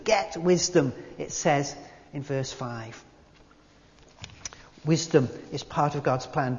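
Preacher, echoey hall. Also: male voice, a little high, muffled recording. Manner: conversational, gently humorous. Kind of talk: sermon.

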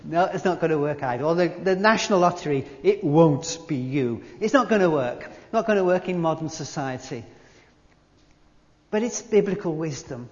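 A man preaching a sermon in a conversational, gently humorous way. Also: a little high, animated, normal speed, in a large hall, lo-fi sound.

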